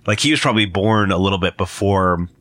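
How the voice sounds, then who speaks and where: A man's voice: deep voice, fairly quick, a bit bright, no room sound, studio quality. A young man giving a casual, rambling commentary, full of fillers and self-corrections. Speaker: video commentator. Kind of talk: casual trailer breakdown commentary.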